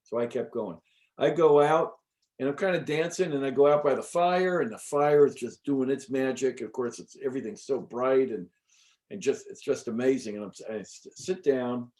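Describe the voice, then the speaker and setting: A middle-aged man, an interview guest, telling a personal story in a casual, animated way with many fillers and the odd swear word. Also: medium pitch, normal speed. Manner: animated, chatty, frequent fillers and restarts. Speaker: interview guest recounting an experience.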